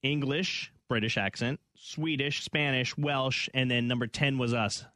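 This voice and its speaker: A man's voice: medium pitch, steady tone, measured pace, pushed and bright, dry recording, studio quality. A man hosting a morning radio show, bantering and reading out a countdown list. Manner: playful, reads out lists. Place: radio studio.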